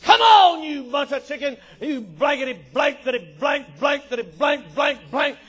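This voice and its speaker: A man voicing a loud, boastful giant warrior who shouts taunts at his enemies, in a husky voice. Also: very high-pitched, moderate pace, long reverb tail, voice pushed up. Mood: taunting. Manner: shouting, jeering.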